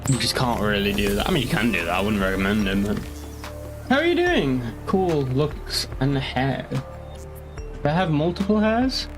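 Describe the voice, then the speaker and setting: A man's voice: medium pitch, animated, normal speed, music in the background. Rambling sweary man from northeast England. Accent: northeast English. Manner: rambling, sweary, answering chat. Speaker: game streamer. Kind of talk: casual live stream chat.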